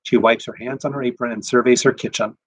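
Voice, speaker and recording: A rabbi reading a short story aloud in a measured, expressive way. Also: male voice, mid-range voice, husky, highs cut off. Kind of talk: scripted narration of a short story.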